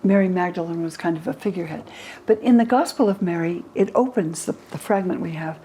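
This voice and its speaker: A woman's voice: fairly low pitch, fairly quick, a little hiss or hum, poor audio. A woman in her eighties from the United States, a historian of religion, telling stories animatedly in a documentary interview. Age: 80s. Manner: animated storyteller, acts out quotes.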